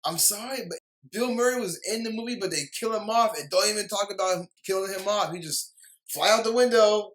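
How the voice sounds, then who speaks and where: A man's voice: sits high, a little fast, a bit bright, a little hiss or hum, poor audio. A young man delivering a heated, rambling movie review rant, often stumbling over his words and apologizing. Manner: heated, repetitive ranting with frequent apologies. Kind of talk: ranting video review.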